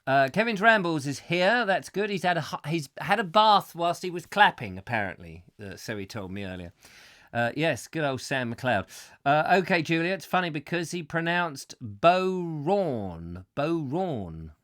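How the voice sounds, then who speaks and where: A man's voice: on the high side, very animated, moderate pace, pushed and bright. A man from England hosting a live comic chat show, rambling and jokey. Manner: rambling, jokey, does silly voices.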